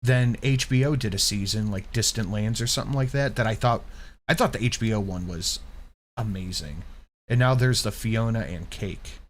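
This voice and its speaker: A man's voice: lowish voice, moderate pace, a little hiss or hum. Blunt, swearing male stream host. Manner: blunt and profane. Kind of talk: casual reaction commentary.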